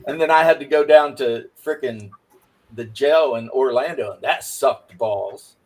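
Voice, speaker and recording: A man's voice: medium pitch, a little slow. A man co-hosting a livestream in casual chat, telling rambling stories with stammered restarts. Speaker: livestream co-host.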